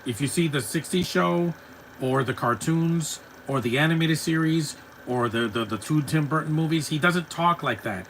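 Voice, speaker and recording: A man's voice: on the high side, normal speed, fairly bright tone, a little hiss or hum, poor audio. Chatty man reacting on a live stream. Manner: chatty, rambling, laughs easily, talks back to chat. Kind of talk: casual reaction commentary.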